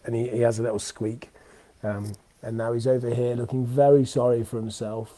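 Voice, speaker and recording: A man's voice: mid-range voice, level tone, a little fast, mellow, no echo. A young British man hosting his weekly live talk show, chatting off the cuff in a rambling way with lots of ums and restarts. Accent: British English. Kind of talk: unscripted casual monologue. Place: at home with dogs.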